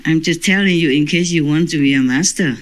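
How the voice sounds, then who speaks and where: A woman's voice: sits low, brisk, rough recording. A woman spiritual teacher talking informally to her disciples, chatty and often breaking into laughter.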